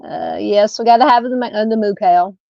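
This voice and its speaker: A woman's voice: medium pitch, normal speed, creaky, no room sound, lo-fi sound. A woman with a Southern US accent hosting a casual true crime live stream, rambling and chatty as she talks with viewers. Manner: rambling, chatty, lots of "you know" fillers.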